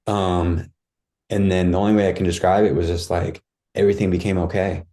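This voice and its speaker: Mellow low-voiced man telling a story. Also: little pitch movement, fairly quick. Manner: vivid retelling that acts out his own cries, full of "like" and "dude". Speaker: podcast guest. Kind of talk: casual storytelling.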